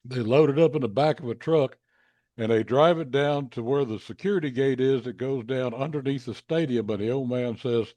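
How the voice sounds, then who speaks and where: A man's voice: moderate pace, no echo. A man casually telling a long anecdote, acting out the people in it with big jumps in his voice. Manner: animated, acts out quoted voices with pitch jumps.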